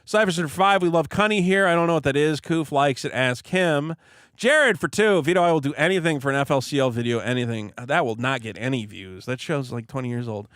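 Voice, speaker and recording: Sick guy on a podcast reading donos, kinda high voice, dry close mic, mumbly asides. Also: fairly quick, a bit bright, clear, resonant tone, dry recording. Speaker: podcast co-host reading donations. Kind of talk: casual banter, reading out paid messages.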